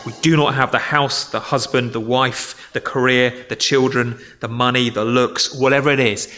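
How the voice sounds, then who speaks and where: A man gives a sermon to children and adults in a bright, pushed mid-range voice, his intonation fairly even and his pace moderate. The room sounds big, and his conversational style mixes examples with acted-out grumbling.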